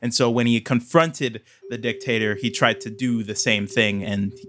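A man's voice: mid-range voice, steady tone, normal speed, noisy background. Casual man playing a tabletop game. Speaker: player.

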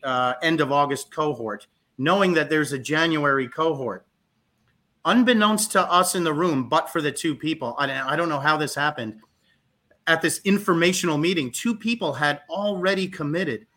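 Guest, man in his fifties, animated storyteller, brightly toned voice that trips over its own words. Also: on the high side. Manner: animated, with frequent restarts and repeated words. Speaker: guest, physical therapist. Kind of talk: casual interview storytelling.

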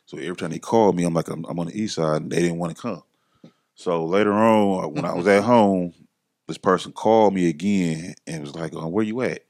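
A man's voice: sits low, a little fast, a little mellow. A man, a podcast guest, telling his story in casual slang and acting out the voices of the people he quotes.

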